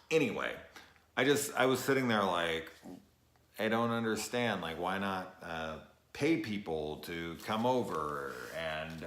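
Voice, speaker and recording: A young man giving a rambling, casual late-night review, tired, swearing often and filling pauses with ums and uhs. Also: sits low, fairly bright tone. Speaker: show reviewer. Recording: echoey room.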